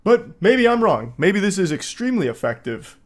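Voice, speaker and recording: A man's voice: high voice, big pitch swings, moderate pace. Sarcastic man in comedic commentary. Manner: sarcastic, incredulous. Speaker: host reacting to videos.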